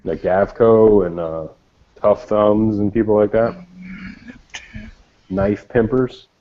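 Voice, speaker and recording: A man's voice: on the low side, slow pace. A man co-hosting a casual podcast chat, rambling with enthusiasm and plenty of swearing. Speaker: podcast co-host. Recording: dull lo-fi sound.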